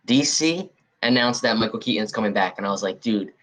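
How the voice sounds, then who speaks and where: Male podcast co-host, fairly low voice, heated casual rant, blunt. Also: lively intonation, brisk, fairly bright tone, poor audio. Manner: heated, blunt, repeats himself while ranting. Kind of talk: casual ranting podcast chat.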